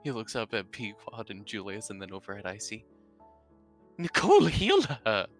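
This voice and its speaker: A man narrating his character's actions in a live tabletop role-play, with lively, descriptive telling and frequent restarts. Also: fairly low pitch, brisk, faint music behind. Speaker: player.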